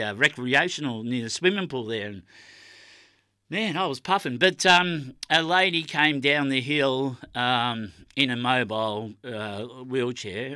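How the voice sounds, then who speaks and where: A man's voice: mid-range voice, bright, forceful tone, no echo. A man with an Australian accent presenting on community radio, telling a rambling story with plenty of ums. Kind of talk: casual radio chat. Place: small radio studio. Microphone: studio microphone.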